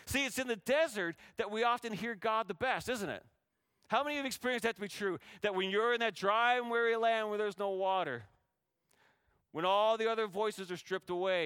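A man delivers a sermon in a high, bright voice that stays smooth and clear. He keeps pressing listeners with rhetorical questions and voices scripture characters with rising intensity. The sound is dry and close. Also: fairly quick, no room sound. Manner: preaching with rhetorical questions to a congregation; acts out biblical speakers in raised voice. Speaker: pastor.

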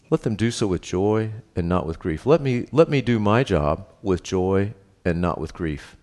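A middle-aged pastor with a fairly low voice delivers a sermon. He reads verses and then talks them through in an easy, conversational way. He keeps asking "right?" and makes light of himself. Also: a little mellow. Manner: conversational preaching with tag questions and self-deprecating humor.

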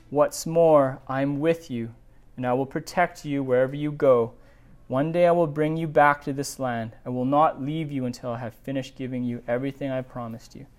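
A male pastor giving a sermon, reading scripture aloud and breaking off into animated, digressive asides. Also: mid-range voice.

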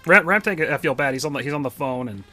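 A man's voice: fairly high pitch, animated, fast, pushed and bright, soft background music. A man in his forties co-hosting a podcast, joking and teasing in casual banter. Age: 40s. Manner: jokey, teasing. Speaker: podcast co-host.

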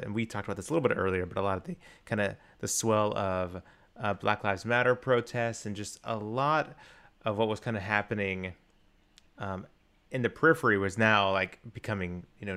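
Low-voiced man chatting about films. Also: fairly quick, pushed and bright, clean tone. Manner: enthusiastic, rambling with many restarts and fillers. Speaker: podcast co-host. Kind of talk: casual film discussion.

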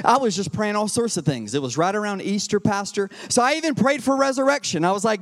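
A man preaching with a high voice, mixing jokes and personal stories into his sermon. He drops into quiet asides, then builds to loud, rousing calls to the congregation. His voice rings out with a long reverb, as in a church sanctuary. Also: a little fast, few pauses. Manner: energetic and humorous, swings from quiet asides to loud exhortation. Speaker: pastor.

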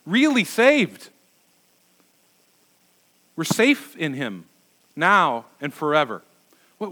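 A man's voice: high voice, a bit bright. A middle-aged male pastor preaching a sermon, emphatic and repeating words for stress.

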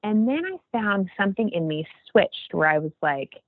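A woman's voice: medium pitch, very animated, normal speed, dry recording. A woman in her forties talking earnestly in a casual faith chat, rambling with many restarts. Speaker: podcast guest. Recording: tinny phone-like line.

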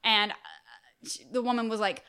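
A young woman tells a story with blunt, profane energy in a casual podcast chat. Her voice is bright and crisp, easy to follow. She jumps into the story. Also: fairly high pitch, flat delivery, normal speed. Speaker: podcast co-host.

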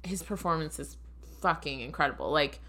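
A woman's voice: low-pitched, brisk, pushed and bright. A woman co-hosting a podcast from her apartment, rambling in casual chat with many fillers. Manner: rambling, full of "like" and "um". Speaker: podcast co-host.

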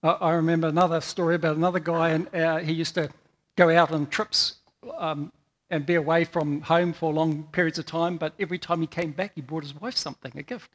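Aussie guy preaching, high-ish voice, keeps repeating words and telling little stories. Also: steady tone, a little fast, a bit bright. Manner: rambling, repeats words, tells anecdotes. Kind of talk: sermon.

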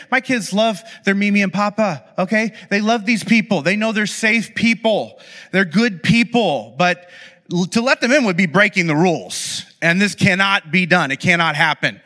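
A man's voice: sits high, pushed and bright. Rambling storyteller man in a reverberant hall. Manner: conversational, loose and rambling with many fillers. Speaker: speaker addressing an audience. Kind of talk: storytelling talk. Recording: long reverb of a large hall.

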